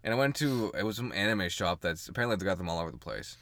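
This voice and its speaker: A man's voice: sits low, lively intonation, racing, fairly bright tone, dry recording. A man co-hosting a casual podcast chat, joking crudely and laughing often. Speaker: podcast co-host.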